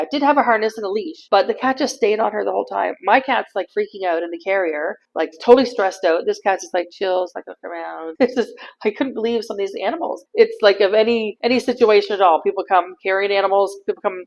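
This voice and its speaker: A middle-aged woman from Canada, chatting in a casual vlog and telling stories in an animated way, laughing easily. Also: mid-range voice, creaky, highs cut off. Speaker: vlogger.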